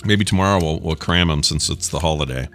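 A man hosting a podcast in casual chat, joking and rambling, now and then shouting for comic effect. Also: very deep voice, quick pace, faint music behind. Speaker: podcast host. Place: studio, chewing jerky on air.

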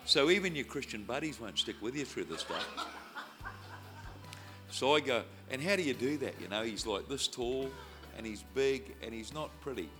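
An evangelist preacher of medium pitch and normal speed tells a lively story on stage before a crowd, acting out the voices. His sermon ends in loud, fervent prayer over the audience, with music playing behind him.

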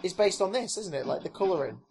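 A man's voice: high voice, expressive, fast, creaky, music in the background. A man co-hosting a joking riff commentary over a film, tossing out quips and laughing often. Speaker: commentary co-host.

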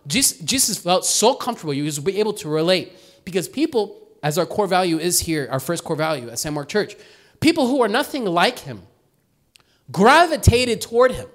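A man preaching a sermon as pastor, in a conversational, animated way, often tagging "right?" and acting out quotes. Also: high voice, moderate pace.

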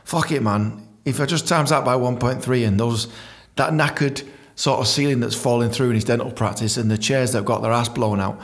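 Man, comic storyteller, sweary, laughing, squeaky high voice for himself in the story. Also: fairly quick. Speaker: comedian reading his memoir. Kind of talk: casual storytelling with read-out chapter.

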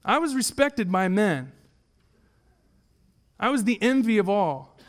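A man's voice: high-pitched, sing-song, slow pace, heavily acted. A man voicing an ashamed man who stands empty-handed in heaven, pleading to have a warning carried to his family. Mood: regretful. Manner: pleading, repetitive.

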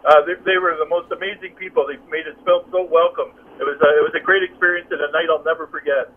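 A man calling in to a radio show, telling a memory in a nostalgic, relaxed way. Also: on the high side, quick pace. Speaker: caller. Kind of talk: phone-in chat. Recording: tinny phone line.

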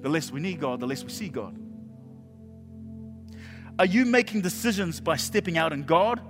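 Animated high-voiced preacher man. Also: normal speed, long reverb tail, music in the background. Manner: animated, jokey preaching with sudden shouts and quiet drops. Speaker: pastor. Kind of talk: sermon. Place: church hall.

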